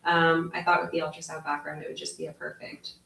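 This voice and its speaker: Low-voiced young woman, roomy echo. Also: fast, creaky. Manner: friendly and relaxed, soft-spoken with fillers. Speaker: physician assistant, guest. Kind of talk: casual interview answers.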